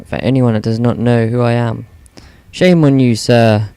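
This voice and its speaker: A man's voice: medium pitch, measured pace, mellow, clean tone. A man giving casual, rambling commentary over video game play, with lots of ums and self-corrections. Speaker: gaming commentator.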